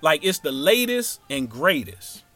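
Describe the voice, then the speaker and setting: A man's voice: on the high side, a little slow, no room sound, faint music behind. A man telling a childhood story as stand-up comedy, acting out each character. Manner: animated, acts out every character.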